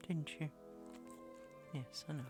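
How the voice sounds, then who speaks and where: Over music, a woman with a deep voice chats casually and slowly in a steady tone on a live stream from her home. Between remarks she coos at her dog near her desk microphone.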